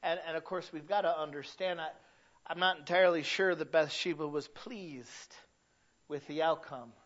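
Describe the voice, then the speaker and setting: High-voiced man preaching a sermon. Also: normal speed, dull audio. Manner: dynamic preaching, swinging from loud to hushed. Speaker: pastor.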